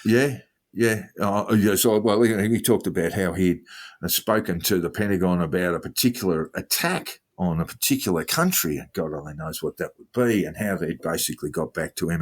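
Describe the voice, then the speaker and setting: A man's voice: low voice, animated, normal speed. A man co-hosting a podcast, chatting about politics in a hesitant way full of fillers. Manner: hesitant, filler-heavy delivery. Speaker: podcast co-host. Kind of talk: casual political chat.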